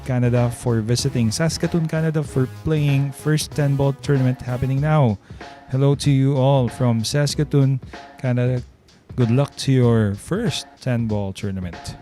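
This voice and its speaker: A man with a Filipino accent calling a live billiards match, breaking into excited exclamations at great shots. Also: medium pitch. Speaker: play-by-play commentator.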